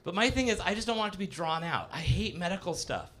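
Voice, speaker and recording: A man's voice: high-pitched, animated, fast talker, pushed and bright, slight background noise. Man, fifties, stand-up comic in a cafe, rambling self-deprecating patter. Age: 50s. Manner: rambling, self-deprecating, filler-heavy delivery with acted-out voices. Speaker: stand-up comedian. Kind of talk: live stand-up set. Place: live comedy cafe stage.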